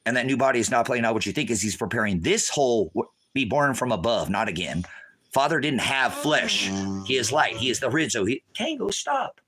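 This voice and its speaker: A man's voice: mid-range voice, expressive, fairly quick, fairly bright tone, breathy edge, rough recording. A middle-aged American man preaching off the cuff, combative and rambling, scolding his listeners. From United States.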